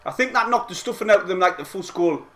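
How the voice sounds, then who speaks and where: High-voiced excitable football fan. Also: male voice, fast. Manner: excitable, shouting and swearing at goals, then quietly reading chat. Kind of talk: live match reaction stream.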